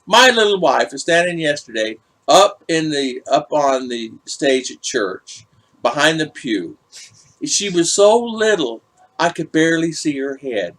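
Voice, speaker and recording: A man's voice: a little high, animated, a little slow, a bit bright. A middle-aged man hosting a casual livestream, chatting and greeting viewers in the chat by name. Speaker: vlog host reading live chat.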